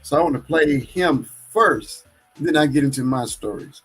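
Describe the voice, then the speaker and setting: Guy chatting on his live stream, kinda husky, faint music in the back. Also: on the high side, moderate pace, poor audio. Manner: rambling and self-correcting, churchy. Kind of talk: casual live stream chat.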